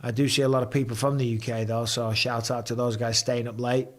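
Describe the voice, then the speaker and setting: A man hosting a casual live stream from home, chatting and reading viewer comments aloud with quick banter. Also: mid-range voice, little pitch movement.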